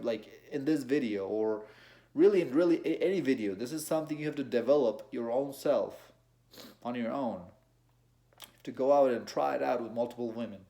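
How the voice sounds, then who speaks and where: A man's voice: medium pitch, dark tone. A young man talking to camera in a casual advice monologue. He speaks conversationally, often restarting and repeating phrases, and calls the viewer bro. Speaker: dating advice vlogger.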